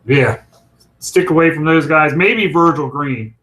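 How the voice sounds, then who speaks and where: A man's voice: on the high side, a little slow, fairly bright tone, low-quality recording. A man co-hosting a casual chat show, talking in a rambling, chatty way. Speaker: co-host.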